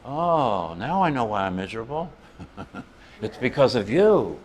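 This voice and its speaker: A man's voice: medium pitch, sing-song, measured pace. A middle-aged man teaching a meditation class in a conversational way, often tossing rhetorical questions to the listeners. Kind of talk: meditation talk. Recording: long reverb of a hall.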